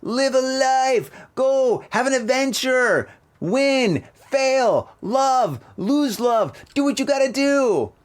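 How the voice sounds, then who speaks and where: A man's voice: very high-pitched, lively intonation, takes it slowly, voice pushed up, heavily acted. A man voicing a fed-up middle-aged mother who bossily orders her grown son to move out and live his life. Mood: exasperated. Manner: bossy, urgent, pep-talk commands.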